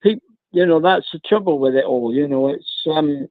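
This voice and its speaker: A man calling in to a live stream, rambling with many pauses and calling the host mate. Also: a little high, dry recording. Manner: rambling, says mate a lot, frequent ums. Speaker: caller. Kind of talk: casual phone chat. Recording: tinny dry phone line.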